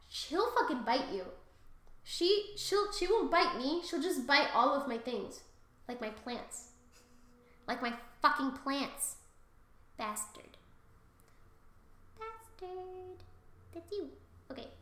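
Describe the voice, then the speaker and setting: Brief: woman comedy podcast host, profane and animated, sharp bright tone, echoey room. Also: high voice, measured pace. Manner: profane, animated, laughs often. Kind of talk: casual comedic myth retelling.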